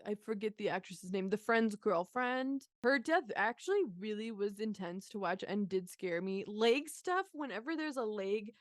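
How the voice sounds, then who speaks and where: A woman's voice: medium pitch, expressive, normal speed, hardly any pauses, no room sound, studio quality. A young woman co-hosting a movie podcast, chatting casually with a sarcastic, swear-heavy, laughing manner. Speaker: podcast co-host. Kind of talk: casual movie review chat.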